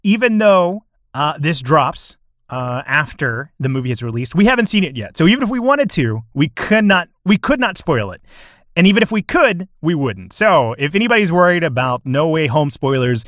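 A man's voice: a little high, big pitch swings, normal speed, a bit bright, dry recording. Male podcast co-host, upbeat, laughs a lot, dry close-mic sound. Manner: upbeat, laughs often, explains the format plainly. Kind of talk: casual podcast chat.

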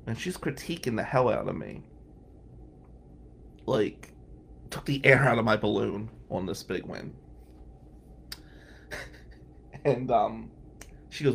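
Host read: New man, gravelly voice, candid storytelling tribute with a wry edge and a faint hiss behind him. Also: on the low side, animated, slow, pauses often. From New Jersey. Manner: candid, wry, laughs between lines. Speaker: podcast host and lawyer.

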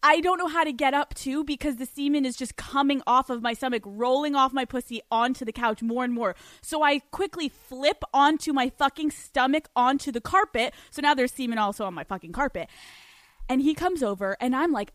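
A woman podcast host with a high voice tells a story casually and with plenty of energy. She swears freely and often laughs between words. The sound is dry and close, with no room echo. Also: a little fast. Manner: animated, profane, laughs often mid-sentence.

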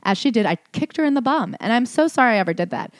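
Fast-talking sarcastic woman podcast host. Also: a little high, expressive, no room sound, clean studio sound. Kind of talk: reading aloud and commenting in casual chat.

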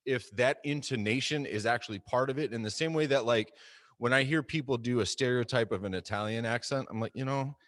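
A man's voice: medium pitch, brisk, a bit bright, no room sound. A man in his forties, co-hosting a casual discussion in a thoughtful, rambling way.

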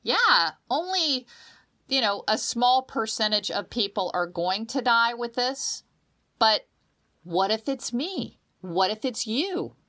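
Woman, co-host, casual chat, bright voice, emotional storyteller, stumbles and restarts. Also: on the high side, slow. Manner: emotional, animated storytelling with dramatic quoted voices; restarts and repeats words often. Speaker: podcast co-host.

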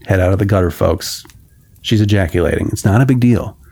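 A man's voice: sits low, a little fast, a little mellow, husky. A man reading an old novel aloud and breaking off for wry, joking asides. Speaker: reader and commentator.

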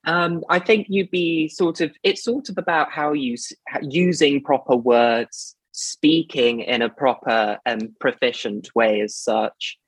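A man with a posh English accent talks in a careful, hedging way, softening his points. His voice is a little husky, set in a dry, close recording with no room sound. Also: mid-range voice, no room sound, low-quality recording. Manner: measured, hedging with "sort of" and "as such". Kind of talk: casual chat.

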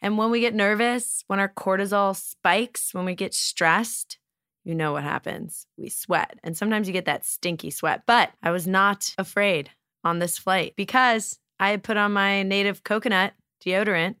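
A woman's voice: medium pitch, normal speed, bright, forceful tone, smooth, dry recording, studio quality. A woman hosting a podcast, joking and laughing through casual chat and reading ads in her own voice. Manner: playful, jokey, laughs often. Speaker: podcast host. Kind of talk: casual chat and host-read ad.

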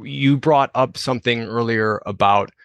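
A man co-hosting a podcast, talking things through slowly, restarting and repeating words as he thinks. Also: mid-range voice, fairly bright tone, no room sound. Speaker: podcast co-host. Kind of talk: casual conversational discussion.

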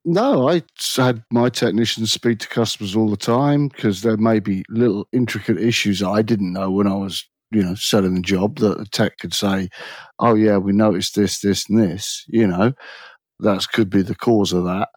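A man with an English accent, speaking as a podcast guest. His voice is slightly husky and sits on the low side, and he tells shop stories in a relaxed, matter-of-fact way. The recording is dry and close. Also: moderate pace, no echo. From England. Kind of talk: casual chat.

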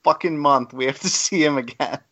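A man's voice: mid-range voice, fairly quick, a bit bright. A man co-hosting a casual podcast, reading comic dialogue aloud and mocking it with laughter. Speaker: podcast co-host. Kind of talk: casual chat.

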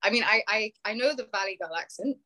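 A woman's voice: mid-range voice, fast talker, sharp tone, slight background noise. A young woman with a British accent, a guest on a casual podcast. She tells stories in a chatty way and laughs often. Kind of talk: casual interview chat.

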